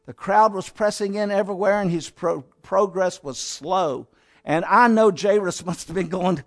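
Dramatic male preacher, high voice, hushed-to-loud sermon delivery. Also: lively intonation, measured pace.

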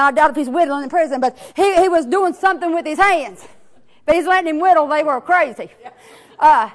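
A woman preacher who teaches children's church, telling a sermon story with repeated words and restarts. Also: very high voice.

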